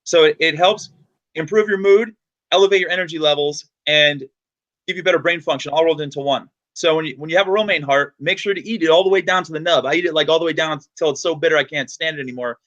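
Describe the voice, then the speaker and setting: A man from the United States hosts a podcast, chatty and full of energy. He talks very fast, in a somewhat high voice. He tells stories freely and loosely. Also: a bit bright, highs cut off. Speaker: podcast host. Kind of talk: casual podcast chat.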